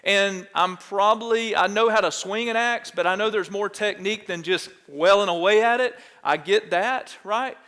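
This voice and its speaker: A man's voice: sits high, moderate pace, hardly any pauses, pushed and bright, big-room sound. A man, a pastor preaching a conversational sermon in church that keeps checking in with the congregation. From Texas. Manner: conversational, asks the congregation questions. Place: church sanctuary.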